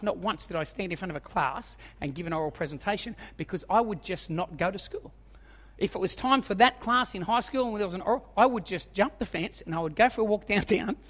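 A man's voice: high-pitched, fairly bright tone, in a large hall. An Australian man in his forties preaching a sermon as a humorous, self-mocking storyteller. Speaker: evangelist preacher.

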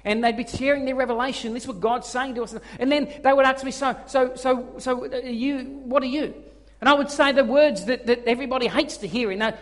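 High-voiced pastor in a hall. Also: male voice, brisk. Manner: animated storytelling with acted-out quotes. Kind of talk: sermon. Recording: long hall reverb.

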